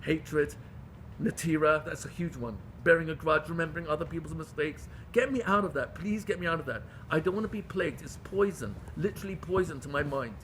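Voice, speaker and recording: A man teaching a Torah class to a group. He questions his listeners and swings between loud pleading and hushed intimacy. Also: a little high, brisk, a little hiss or hum. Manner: questions the audience. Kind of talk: Torah lecture to a live group.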